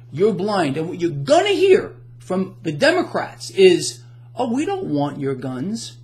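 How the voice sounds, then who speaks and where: A man hosting financial commentary, ranting to the camera with emphatic sarcasm and rhetorical questions. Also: sits high.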